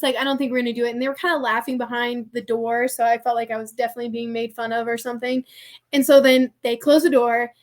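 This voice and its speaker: A young American woman with a high voice tells a story on a podcast. She is chatty and casual and fills her speech with "like". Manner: chatty, heavy use of "like", laughs often. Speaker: podcast guest.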